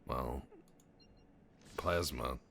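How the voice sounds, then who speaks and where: A man's voice: a bass voice, very slow, a bit bright, a little hiss or hum. A young adult man giving casual, profane, joking commentary over a game he is playing, rambling into stories. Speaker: gameplay commentator. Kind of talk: casual let's-play commentary.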